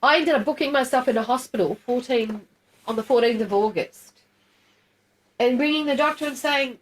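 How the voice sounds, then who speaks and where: A woman's voice: high voice, normal speed, low-quality recording. A middle-aged woman, telling a personal story to a group in a candid, blunt and emotional way, swearing freely. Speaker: guest telling her story.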